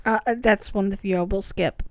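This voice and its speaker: A woman's voice: mid-range voice, steady tone, a little fast, no echo. A woman co-hosting a podcast, chatting casually and teasing her co-host with short agreeing replies. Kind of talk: casual chat ranking songs.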